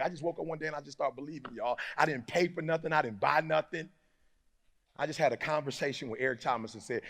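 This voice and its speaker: A man giving a live motivational speech to an audience, moving from low, close talk to shouted call-and-response, in a preacher-like manner. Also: quick pace. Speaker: motivational speaker. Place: large hall before a live audience.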